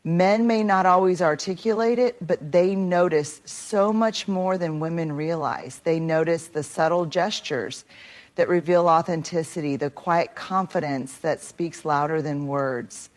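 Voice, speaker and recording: A woman reading a scripted motivational talk in a measured, earnest way. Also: fairly low pitch.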